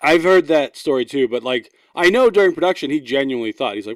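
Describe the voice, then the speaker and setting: A man's voice: mid-range voice, expressive, quick pace, few pauses, no room sound, clean studio sound. A man co-hosting a podcast in casual chat, rambling and self-deprecating, laughing mid-sentence. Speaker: podcast co-host.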